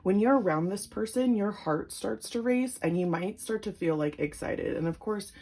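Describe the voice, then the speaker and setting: A woman's voice: mid-range voice, expressive, normal speed, darkish tone. A young woman giving a casual, upbeat tarot reading, chatty and giggly, with lots of fillers. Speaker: tarot reader.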